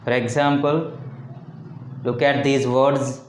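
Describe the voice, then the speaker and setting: A man teaching a lesson on word stress, speaking deliberately and repeating words and phrases for emphasis. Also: mid-range voice, level tone, echoey room, slight background noise. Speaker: English teacher. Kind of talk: slow phonetics lesson.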